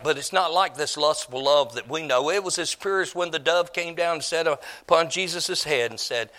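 Preacher guy telling the story folksy and musing, highish bright voice. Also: moderate pace, few pauses. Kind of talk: storytelling sermon.

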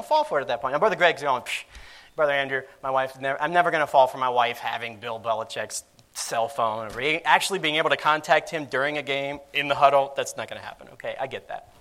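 A man's voice: on the high side, fairly bright tone. A man preaching a sermon in a conversational style, acting out quoted voices with lots of fillers.

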